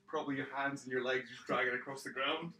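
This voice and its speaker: Man player at a tabletop game, joking, casual, bright voice. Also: medium pitch, steady tone, reverberant, poor audio. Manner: joking, quick asides.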